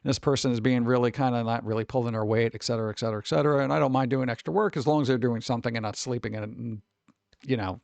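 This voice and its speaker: A man's voice: medium pitch, fairly even intonation, very fast, gravelly, a little mellow, dry recording. A man streamer chatting casually and rambling with his live chat, swearing freely and talking straight to his viewers.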